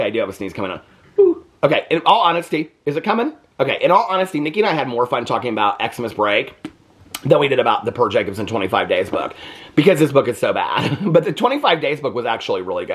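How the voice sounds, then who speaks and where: A man's voice: medium pitch, a bit bright, slightly rough. An American man reviewing books in a casual, chatty way, often breaking into laughter. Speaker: book reviewer. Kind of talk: casual chat.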